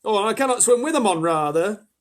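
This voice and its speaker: A man voicing a loud, rough-spoken male centipede who shouts about his boots. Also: high-pitched, animated, a little fast, pitched above the performer's own voice. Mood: blustering. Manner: loud, blustering, dropped words.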